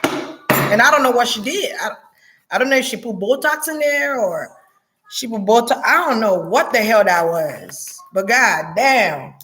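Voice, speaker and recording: This unhurried female vlogger addresses her audience directly in a casual monologue that is blunt and full of profanity. Frequent laughter and lively leaps in pitch mark her delivery.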